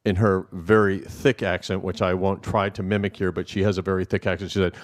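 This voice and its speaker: Man, theater director, casual rambling talk, lots of ums, lowish voice. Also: level tone, brisk. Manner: rambling, with many fillers and restarts. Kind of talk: casual remarks to an audience.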